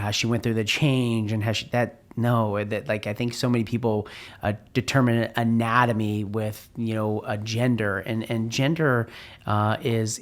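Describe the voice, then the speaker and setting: A middle-aged man hosting a podcast and telling a personal story in an earnest, heartfelt way, often restarting his sentences. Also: on the low side. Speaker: podcast host.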